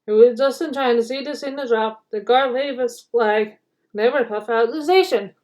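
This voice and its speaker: A woman reading a children's storybook aloud, narrating in an animated, dramatic way. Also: on the high side, moderate pace. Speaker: storybook reader.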